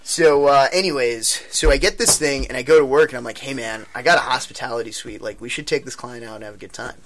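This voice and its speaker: A young man with a medium-pitched voice talks fast over a noisy background. Chatting casually with friends, he tells a long, profane anecdote and animatedly acts out the other people's lines in their voices.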